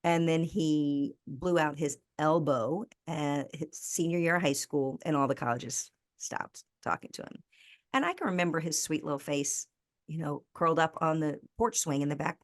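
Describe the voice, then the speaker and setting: An American woman in her fifties speaks as a podcast guest. She has a low voice and tells personal stories with earnest animation. The recording is dry and close, with little room sound. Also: normal speed, no room sound. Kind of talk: conversational interview storytelling.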